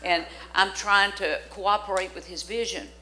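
An older woman from Louisiana, preaching a storytelling sermon in a church, dramatic and animated as she acts out the voices in her stories. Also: medium pitch, moderate pace, slight background noise, poor audio. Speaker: guest preacher. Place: church sanctuary.

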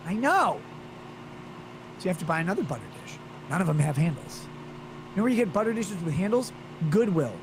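A man's voice: sits high, very animated, fairly quick, long pauses, background noise. A man on his livestream, reading chat messages aloud and launching into an exasperated, profane, sarcastic rant. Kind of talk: ranting livestream monologue.

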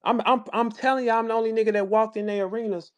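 Man with a St. Louis accent, battle rapper, bragging and cursing, pitched a bit high. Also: fairly even intonation, fast talker, clean tone. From St. Louis, USA. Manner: boastful, profane, preachy. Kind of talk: casual chat in a live audio room.

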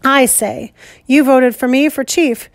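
A boy leader speaks firmly and insistently, standing his ground, as a woman reads him. The voice sits fairly high and is recorded close and dry. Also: steady tone, takes it slowly, no room sound. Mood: indignant. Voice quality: firm, insistent delivery. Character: stubborn boy leader, earnest and indignant.

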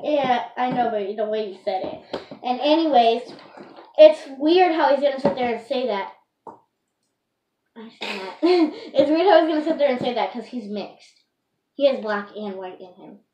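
A woman's voice: on the high side, lively intonation, normal speed, warm tone. Giggly young girl, chatty, echoey room. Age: child. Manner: giggly, chatty, talks over her friend. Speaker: young vlogger. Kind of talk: casual chat. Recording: echoey room, distant mic, faint noise.

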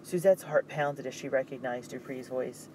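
A man narrating an audiobook in a steady, suspenseful reading. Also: medium pitch, moderate pace, noisy background.

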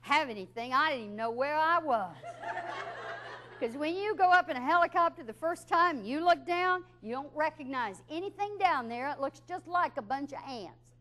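A woman spins a comic story in a bright, high voice. She talks in a lively, chatty way and laughs through her tale. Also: normal speed, a little hiss or hum. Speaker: speaker telling a story.

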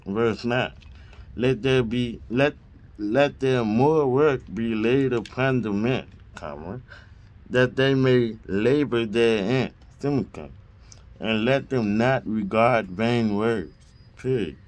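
Slow deliberate man reading scripture. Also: mid-range voice. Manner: reads punctuation marks aloud, deliberate; occasional stumbles and restarts. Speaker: Bible reader.

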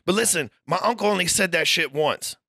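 A man with a high, gravelly voice tells rowdy stories on a podcast, swearing freely and acting out what others said to him. His tone is bright and cutting, and the close mic sounds dry. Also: brisk, dry recording. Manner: profane, loud storytelling with acted-out quotes. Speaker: podcast host. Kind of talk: casual podcast chat.

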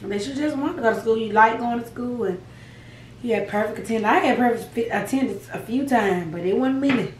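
A young woman chatting to her viewers over a meal, folksy and quick to laugh. Her voice sits a little high and lands from a step away from the phone. The room is echoey, with a faint hum behind her. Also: distant mic. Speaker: mukbang vlogger. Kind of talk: casual chat to camera while eating.

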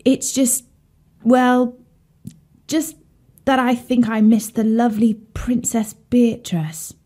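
A sad young frog pining for a lost princess, as a woman reads him aloud. He talks in halting, wistful phrases, pitched a touch higher than the narrator's voice. The tone stays mellow and soft. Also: steady tone. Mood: glum.

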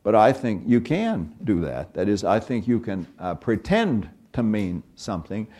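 An older man giving a university philosophy lecture in a conversational, wry way, talking through examples with the occasional pause and filler. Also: on the low side, big pitch swings, warm tone.

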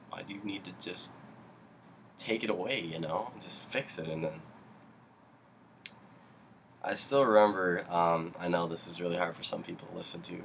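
A young man talks in a low, deep voice. He is halting and emotional, with frequent pauses and restarts, and he swears when he gets heated. A faint noise floor sits under his voice. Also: gravelly, fairly bright tone. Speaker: musician. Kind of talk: personal video talk.

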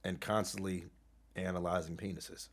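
A man's voice: low voice, little pitch movement, normal speed. A man doing an impression of a smug, insulting middle-aged male relationship consultant on a live stream, with a condescending, mocking manner. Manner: condescending, mocking, drops to a hushed whisper. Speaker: stream host.

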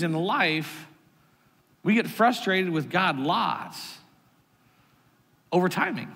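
A man in his thirties, a pastor preaching a sermon in a church auditorium, telling a family story in an animated way and acting out his son's complaints. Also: a little high. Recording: long hall reverb.

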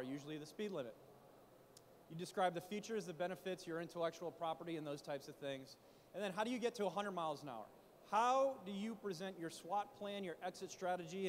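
A man speaking at a conference, coaching founders on pitching in an animated way, full of rhetorical questions. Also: in a large hall, slight background noise. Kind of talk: startup pitch talk. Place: conference stage in a large hall. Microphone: handheld mic.

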